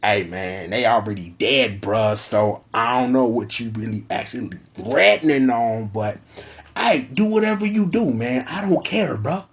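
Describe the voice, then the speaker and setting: A man's voice: medium pitch, lively intonation, measured pace, pitched below the performer's own voice. A man voicing a cocky, lovesick young man who talks in taunting street slang. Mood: indifferent.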